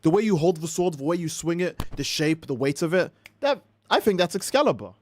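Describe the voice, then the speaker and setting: A laid-back, cocky male hedgehog hero from a game world, put on by a man. He talks in a breezy, offhand way, pitched a touch high. The voice stays close to an everyday speaking voice. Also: big pitch swings, a little fast.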